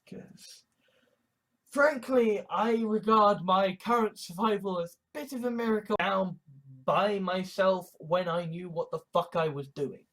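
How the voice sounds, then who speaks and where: A woman's voice: mid-range voice, measured pace, poor audio. A woman giving a rambling, profane video monologue, agitated and often breaking off mid-sentence. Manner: profane, agitated, self-interrupting. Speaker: vlogger.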